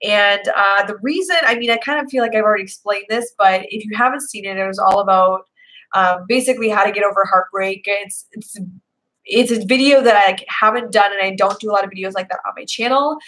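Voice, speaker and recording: A young woman with a medium-pitched, fairly bright voice hosts a live video Q&A from her home in Seattle, chatting casually at a fairly quick pace and rambling with lots of fillers. The recording quality is low.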